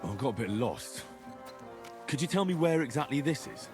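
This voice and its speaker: A man's voice: mid-range voice, big pitch swings, moderate pace, faint music behind, lightly acted. An actor voicing a plain-spoken young man in a medieval game, blunt with a dry humor. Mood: steady. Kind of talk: game dialogue.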